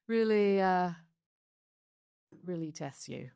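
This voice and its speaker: A woman's voice: lowish voice, gravelly, dark tone, smooth, no echo, studio quality. A British woman from London, recounting her life story in a candid interview, chatty and reflective with laughs between stories. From London, England. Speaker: show creator being interviewed.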